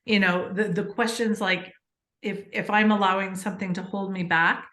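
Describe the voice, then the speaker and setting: A woman's voice: medium pitch, normal speed, roomy sound. A woman guest on a podcast, chatting earnestly about her book and telling stories with lots of fillers. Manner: earnest, animated storytelling with many fillers. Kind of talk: casual interview chat.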